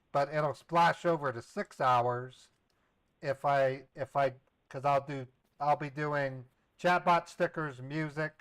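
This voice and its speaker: A man's voice: on the high side, clean tone, no echo, low-quality recording. A man hosting a live scambaiting stream, chatting casually with viewers and playing along eagerly with a scammer on the phone. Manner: playful, chatty, feigns eager excitement to the scammer. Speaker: scambaiting livestream host. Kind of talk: casual livestream chat.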